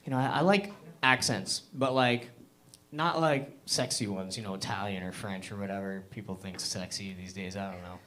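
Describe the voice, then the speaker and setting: A man's voice: fairly low pitch, normal speed, pushed and bright. A young man from Hamilton, Canada, doing a loose, rambling open-mic stand-up set full of fillers and self-deprecating asides. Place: comedy club stage.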